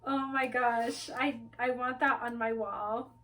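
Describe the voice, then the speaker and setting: A giggly woman co-host with a high voice, reacting with enthusiasm in casual chat. She talks very slowly and draws her words out. She sounds a bit distant from the mic. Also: steady tone, sharp tone. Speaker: podcast co-host.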